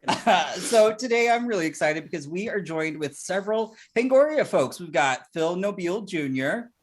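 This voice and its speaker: A woman's voice: on the low side, animated, moderate pace. A woman co-hosting a horror podcast, chatting casually with bubbly, self-deprecating asides. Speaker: podcast co-host. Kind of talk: casual interview chat.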